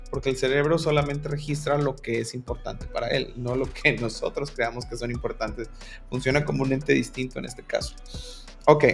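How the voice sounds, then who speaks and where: A man whose first language is Spanish leads a loose, good-humored lesson, hopping between Spanish and English with frequent chuckles. His voice sits at an ordinary middle pitch, with faint music playing underneath. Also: fairly bright tone. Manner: switches between Spanish and English, laughs often, playful asides. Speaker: English teacher for programmers. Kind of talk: casual bilingual lesson.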